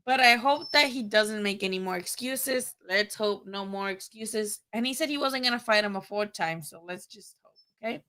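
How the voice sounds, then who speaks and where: A young woman hosting a casual boxing livestream, rambling, animated and profane. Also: mid-range voice, moderate pace, smooth. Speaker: boxing channel host.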